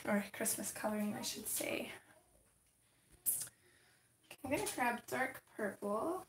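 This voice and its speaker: Chatting with viewers and her cat, a woman runs a relaxed livestream from a desk indoors at home. Her voice is on the high side, animated yet unhurried. Faint noise and echo from the room come through.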